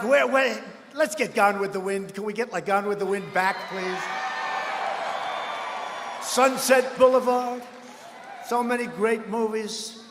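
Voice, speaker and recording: A man giving a rambling, boastful campaign rally speech, often breaking into shouts. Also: extremely high pitch, slight background noise. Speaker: political speaker at a rally. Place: large rally hall. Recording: echoey hall with long reverb.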